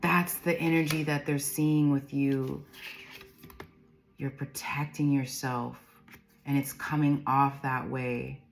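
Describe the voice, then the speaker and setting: Brief: deep-voiced woman, tarot reader, chatty and rambling, laughs a lot, soft music underneath. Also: level tone, takes it slowly, gravelly. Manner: rambling, laughs often, reads card meanings aloud. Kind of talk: intuitive tarot reading.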